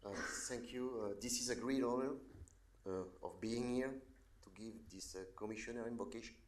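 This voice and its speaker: A man's voice: mid-range voice, normal speed, noisy background. A French-accented man leads a fervent invocation as a pastor, his voice lifting on key words. The sound is roomy, with echo from the chamber around him. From France. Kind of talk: invocation prayer. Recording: echoey meeting chamber.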